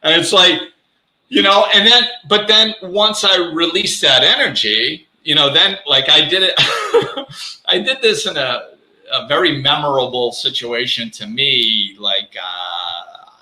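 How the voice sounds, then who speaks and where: Bright-voiced man hosting a casual chat. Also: a little high, unhurried, reverberant, poor audio. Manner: animated, self-mocking, acts out quotes. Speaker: host. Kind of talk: casual live show conversation.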